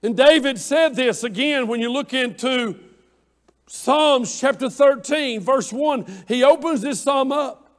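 A man preaching a sermon with passion, repeating phrases in cadence and swinging between hushed pleas and shouts, in a church room. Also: extremely high pitch, a little slow. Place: church room with online viewers.

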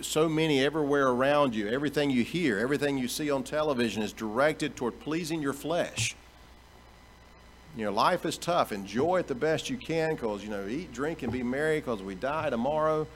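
A man's voice: mid-range voice, slight background noise. Earnest male pastor preaching. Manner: earnest preaching, rising for emphasis, repeating phrases. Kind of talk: sermon.

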